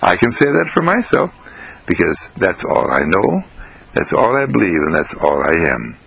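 A man giving an inspirational self-help monologue, gentle and sing-song, repeating phrases with rising pitch. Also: huge pitch swings, moderate pace, creaky, husky, rough recording.

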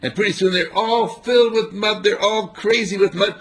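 A man giving an informal sermon on a spiritual path, telling stories with animated chuckles. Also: high voice, moderate pace, breathy edge. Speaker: spiritual teacher.

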